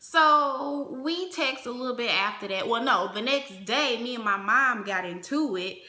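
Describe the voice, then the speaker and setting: A woman telling a personal story in casual vlog fashion, animated, acting out the other people's lines as she goes. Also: a little high, unhurried. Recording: roomy echo.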